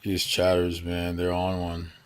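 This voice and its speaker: A man's voice: low voice, monotone, measured pace, smooth. A male streamer giving laid-back, casual commentary while playing and reading chat aloud. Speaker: game streamer.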